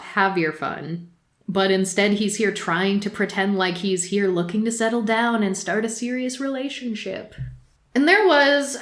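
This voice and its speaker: Animated woman ranting on a podcast, mid pitch, laughs a lot, roomy echo. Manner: animated and exasperated, with frequent laughs. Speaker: podcast co-host. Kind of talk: casual podcast commentary.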